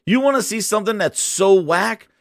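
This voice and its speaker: A man's voice: sits high, normal speed, vocal fry, no room sound, studio quality. A man hosting a gaming channel, ranting in casual livestream commentary and chatting with his viewers. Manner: animated, ranting, chats with viewers.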